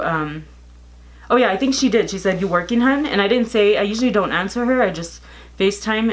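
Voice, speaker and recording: A woman in her thirties, a vlogger, retelling a family dispute in casual storytime chat, animated and exasperated, quoting texts aloud. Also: on the low side. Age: 30s.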